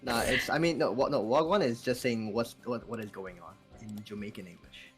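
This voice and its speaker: A man's voice: mid-range voice, fairly quick. A man from the UK chatting on a stream, hesitant and full of restarts. His lines often trail away into near-mumbles, with faint music in the background. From United Kingdom. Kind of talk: casual chat.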